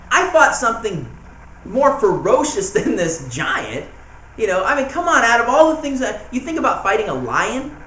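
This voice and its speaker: A man's voice: high voice, pushed and bright. A man preaching an informal home church sermon, conversational and full of "you know" asides and chuckles. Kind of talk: informal sermon, Bible study teaching. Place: small room in a house church. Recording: echoey room, faint background noise.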